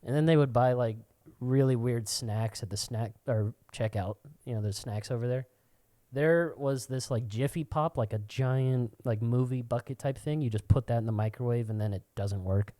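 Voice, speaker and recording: A man's voice: mid-range voice, normal speed, dark tone, no echo. A young man co-hosting a podcast, telling childhood stories in casual chat, swearing and laughing often. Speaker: podcast co-host.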